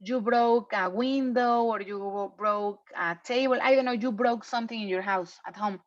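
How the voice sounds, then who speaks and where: A woman's voice: mid-range voice, normal speed. A woman teaching an online English review class, patiently checking in with her students. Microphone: video call. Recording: muffled lo-fi online class audio.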